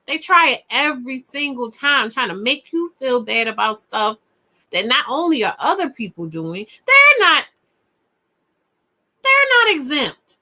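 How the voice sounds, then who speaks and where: Woman, lively sing-song pitch, bright and forceful tone, emphatic repetition, casual ranting chat. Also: moderate pace. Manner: animated, swinging from low mutters to loud high bursts. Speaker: podcast co-host.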